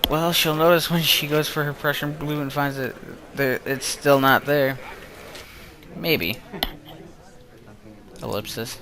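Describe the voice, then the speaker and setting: A man's voice: a little high, fairly even intonation, slow, long pauses, sharp tone, a little hiss or hum. A young man reading a visual novel aloud, breaking off into rambling, self-interrupting asides. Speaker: let's play gamer.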